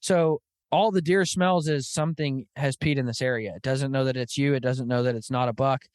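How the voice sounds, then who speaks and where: Animated storytelling podcast host, man. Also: medium pitch, brisk, smooth, no echo, studio quality. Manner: animated storytelling, lots of "dude" and "like". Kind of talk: casual chat.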